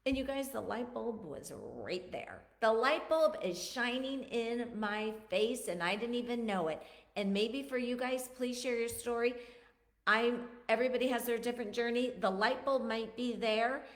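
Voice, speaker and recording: Earnest woman with a gravelly voice. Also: fairly high pitch, normal speed, reverberant. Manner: emotional, earnest, repeats words for emphasis. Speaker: vlogger. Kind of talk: personal confessional talk to camera.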